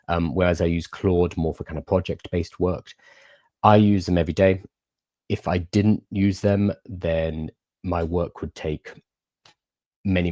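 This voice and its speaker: A man's voice: low voice, mellow, dry recording, clean studio sound. A young man hosting a livestream, chatting casually and answering viewer questions in an explanatory way. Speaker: livestream host.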